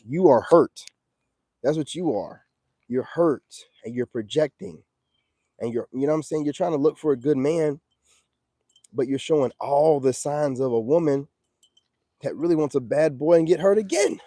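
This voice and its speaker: A man's voice: a little high, normal speed, long pauses, mellow, no echo. A man hosting a casual livestream, giving streetwise dating advice in a preachy manner and reacting to viewer comments.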